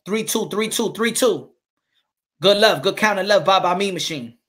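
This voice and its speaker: High, bright-voiced excitable boxing commentator. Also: male voice, normal speed. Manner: excitable, repeats calls, swears. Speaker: boxing commentator and channel host. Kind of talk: live fight commentary.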